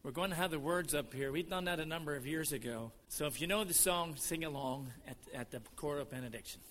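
Man giving brisk church announcements. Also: fairly high pitch, a bit bright, a little hiss or hum. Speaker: worship leader. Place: church service.

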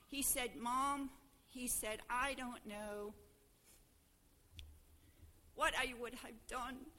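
A woman's voice: a little high, bright, forceful tone, slight background noise. An older woman with a Pennsylvania Dutch accent gives a personal testimony to her church congregation, telling a homely story. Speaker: church member addressing the congregation. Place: church service.

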